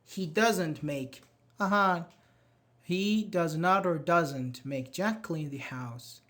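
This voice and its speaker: A man's voice: a little high, takes it slowly, sharp tone. Upbeat man teaching grammar online. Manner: patient, praising, reads students' chat answers aloud. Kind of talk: live online grammar class.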